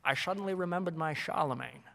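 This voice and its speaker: Man quoting absent-minded old scholar, soft musing tone, unhurried, long hall reverb. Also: on the high side, gravelly. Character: calm, absent-minded elderly male scholar.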